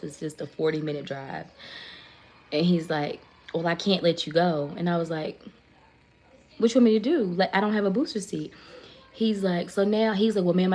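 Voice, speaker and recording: A woman tells a long story on a casual livestream, talking into her phone. Her voice sits on the low side and she keeps the retelling animated and chatty. She stops now and then to thank viewers by name. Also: slight background noise. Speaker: livestream host.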